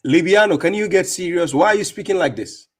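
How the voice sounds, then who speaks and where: A man's voice: sits high, expressive, a little fast. A man hosting a live stream, commenting on clips and talking to viewers in a mocking, insistent way with lots of repetition. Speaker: livestream host reacting to clips.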